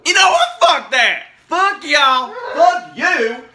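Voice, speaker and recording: A performer playing a crude, rowdy backwoods father who swears, shouts and laughs in bursts, in a comedy character sketch. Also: high voice, very animated, slow pace, crowd noise, exaggerated voice. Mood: ranting.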